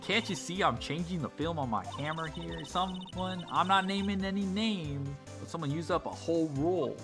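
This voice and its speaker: A man's voice: a little high, moderate pace, voice pushed up, close to an everyday voice. A man voicing a brash young Southern woman photographer, with a put-on Southern drawl and a feisty, folksy manner. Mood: scolding. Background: game music.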